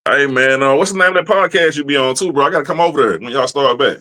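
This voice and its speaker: A man's voice: mid-range voice, quick pace, pushed and bright. A man, a podcast host chatting in an easygoing way that is full of "man" and "yeah". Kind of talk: casual interview chat.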